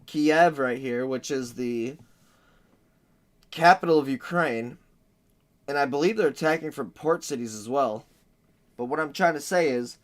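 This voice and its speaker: A man hosting a livestream, commenting crudely and jokingly on a map. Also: fairly high pitch. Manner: crude, joking, acts out war noises. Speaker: livestream host.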